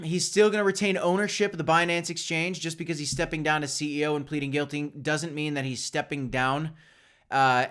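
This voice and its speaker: This crypto livestream host has a slightly high, somewhat bright male voice. Talking casually and straight to his audience, he shares strong opinions and keeps restarting sentences and fixing his own words.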